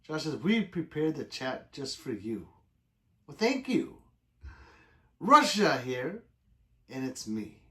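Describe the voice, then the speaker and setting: Man, livestream host, casual chat, reads comments aloud, slow talker, lively pitch, playful animal noises. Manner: reads comments aloud, breaks into meows, woofs and growls; laid-back, swears casually. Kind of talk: casual live-stream chat.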